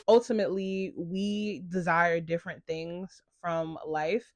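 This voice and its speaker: A young woman talks straight into the camera in a casual confessional vlog. She is chatty and animated, telling her story with plenty of "like." The sound is close and dry, with no room around it. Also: fairly low pitch, fairly quick, hardly any pauses, no room sound. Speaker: content creator.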